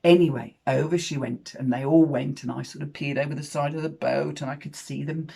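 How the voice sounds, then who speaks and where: A woman in her fifties tells a personal story frankly, swearing and swinging in loudness for emphasis. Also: deep voice, fairly even intonation, brisk, gravelly, husky. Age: 50s.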